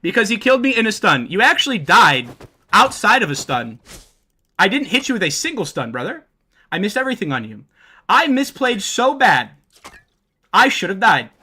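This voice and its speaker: High, bright-voiced brash male streamer. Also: very animated, normal speed, slightly rough. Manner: brash, swearing, trash-talking. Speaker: game streamer. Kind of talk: casual livestream talk to chat.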